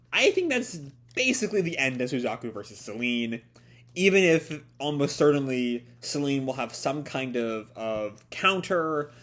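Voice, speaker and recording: A man's voice: medium pitch, a bit bright. A young man with a stuffy nose walks through a manga chapter in a live reaction. He sounds tired, and he rambles along with frequent ums and self-corrections.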